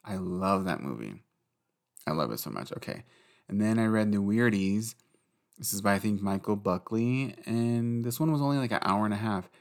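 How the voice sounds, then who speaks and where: A man's voice: lowish voice, moderate pace, creaky. A man chatting casually and rambling about books late at night, swearing and laughing at himself. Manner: rambling, profane, giggly. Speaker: book vlogger.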